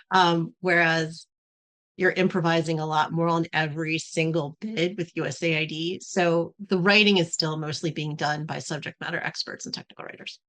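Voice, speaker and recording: A woman with a lowish voice talks through her points on a remote call. She is measured and steady, with the odd "um" along the way, in a casual podcast chat. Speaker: podcast guest, company executive.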